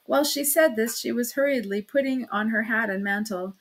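A woman reading a classic novel aloud as narrator, in steady, plain storytelling. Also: fairly high pitch, brisk, few pauses.

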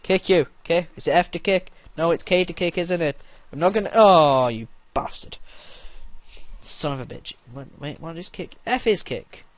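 Young male gameplay commentator, crude and loud, shouts battle cries. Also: a little high, moderate pace, dry recording.

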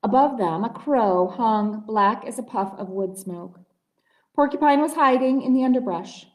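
A woman's voice: on the high side, measured pace. Woman reading a story aloud, echoey room. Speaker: librarian. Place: public library room.

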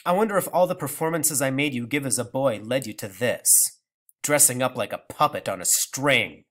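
A man's voice: mid-range voice, moderate pace, lightly acted. A man voicing a scornful old grandmother. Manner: sharp, indignant, raised voice. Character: bitter scolding elderly grandmother.

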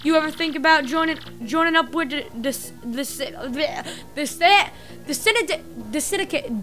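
A woman's voice: high voice, a little slow, sharp tone, soft background music. Woman doing a loyal street-talking henchman. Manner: streetwise slang with dropped words.

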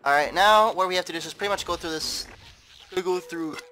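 A man narrates his game playthrough in a casual, rambling way, repeating words as he goes. His voice sits a little high. Game music plays clearly behind him. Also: fast talker, bright, forceful tone, rough recording. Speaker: gameplay commentator. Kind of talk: casual let's play commentary.

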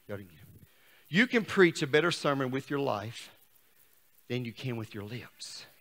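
A man in middle age preaching a sermon as pastor, shouting at times and dropping to a hush. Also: medium pitch. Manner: shouts and swings between loud and hushed. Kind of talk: fiery sermon. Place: church sanctuary. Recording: long church reverb.

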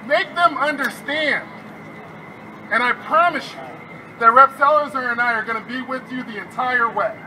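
A man's voice: very high voice, brisk, bright, forceful tone, a little hiss or hum, low-quality recording. A man, a state legislator, giving a fiery, rousing rally speech outdoors while frustrated.

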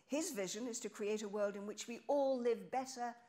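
A woman's voice: a little high, normal speed, dark tone. A woman hosting a public lecture, introducing the speaker in a chatty, teasing way. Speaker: event host. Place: lecture hall.

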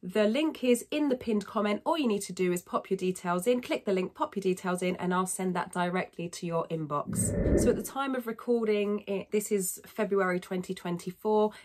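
A woman teaching singing in a casual video lesson, chatting to viewers with quick self-deprecating asides. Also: mid-range voice. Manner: chatty, warm-hearted asides, thanks viewers.

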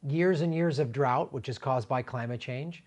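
A middle-aged man hosting a political commentary show, talking in an animated, indignant way with emphatic repetitions. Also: mid-range voice, moderate pace.

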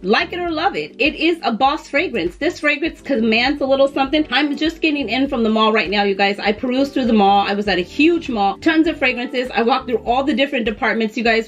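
A woman in her thirties from the United States chatting casually to camera as a fragrance vlogger, calling her viewers "you guys". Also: a little high. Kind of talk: casual vlog talk to camera.

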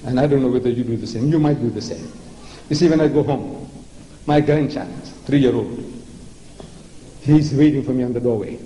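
An older man with a South African accent speaks in a mid-range, dark voice at a moderate pace, leaving long pauses. His public lecture on religion is mocking and theatrical, with words repeated for effect. It was recorded in a large, echoey hall with long reverb and faint noise.

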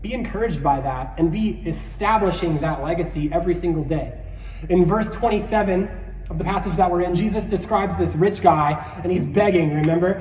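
High-voiced male preacher in an echoey hall. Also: a little hiss or hum. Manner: animated storyteller, quick emphatic shifts. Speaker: youth pastor. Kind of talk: sermon with personal storytelling. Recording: echoey hall from a distance, dull sound.

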